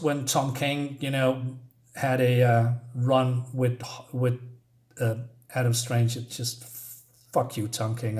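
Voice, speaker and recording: A man giving a casual spoken comic book review, rambling and ranting with lots of fillers and restarts. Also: medium pitch.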